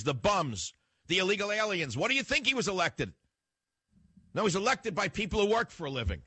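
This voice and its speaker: A man's voice: on the low side, fairly bright tone, dry recording. An older man hosting a talk radio show, delivering a combative, lecturing monologue straight at the listener.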